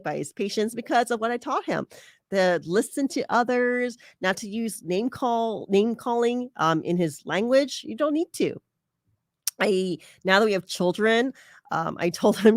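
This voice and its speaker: A woman talks through an advice podcast in a casual, chatty way, often laughing and stopping for fillers. Her voice sits at an ordinary middle pitch. It is recorded close and dry, with no room sound. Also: lively intonation, normal speed, no room sound. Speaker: podcast host.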